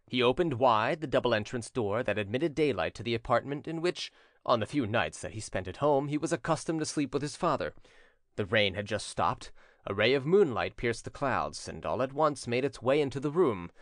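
Expressive male audiobook narrator. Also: medium pitch, moderate pace, no room sound, studio quality. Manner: dramatic, expressive reading. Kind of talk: scripted narration.

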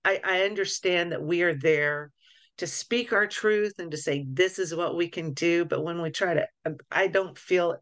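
A woman's voice: lowish voice, normal speed, fairly bright tone. A woman co-hosting a casual podcast chat as an energy healer, thinking aloud with frequent restarts.

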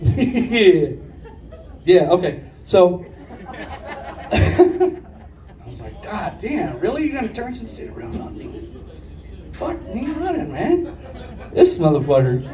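A man in his late thirties doing stand-up, with a high but mellow voice and a loose, cursing, rambling way of telling stories. He sounds distant from the microphone, in an echoey room. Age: 30s. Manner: profane, rambling conversational delivery. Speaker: stand-up comedian. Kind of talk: stand-up storytelling set. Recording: echoey room picked up from far off.

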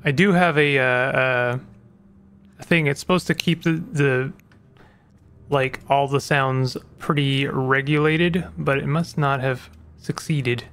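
A man's voice: medium pitch, steady tone, slow pace, fairly bright tone. Rambling apologetic gaming streamer, a man. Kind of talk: casual let's-play commentary. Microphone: desk microphone.

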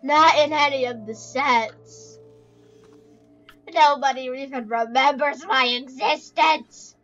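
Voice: high-pitched, slow, sharp tone, dull audio, soft background music, full character voice. A performer voicing a sulking, forgotten male animatronic bear in a comedic skit, talking in a whiny, rambling, self-pitying way.

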